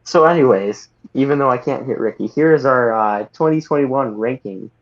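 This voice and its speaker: A man's voice: medium pitch, normal speed. A man co-hosting a podcast over a call, with laid-back, dry teasing. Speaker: podcast co-host. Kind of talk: casual chat over a call. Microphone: remote call mic. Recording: dull lo-fi call audio.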